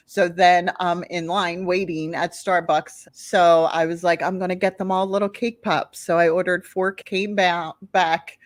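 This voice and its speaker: Brief: woman podcast co-host, lively storyteller, voices the people she quotes, dry close mic. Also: on the low side, unhurried, hardly any pauses, no room sound. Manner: animated storyteller, acts out quotes. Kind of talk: casual storytelling chat.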